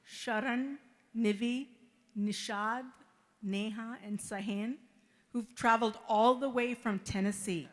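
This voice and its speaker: Middle-aged woman, mother of the bride, fairly high voice, emotional and halting wedding speech. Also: fairly even intonation. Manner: halting, repeats words, deeply grateful.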